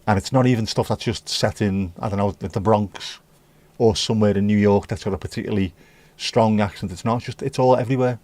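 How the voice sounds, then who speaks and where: A man's voice: on the low side, steady tone, fairly quick, a little mellow, no room sound. A British man hosting a casual livestream, reading out viewer comments and chatting about them in an opinionated, mildly profane way. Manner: reads viewer comments aloud and riffs on them. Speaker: livestream host.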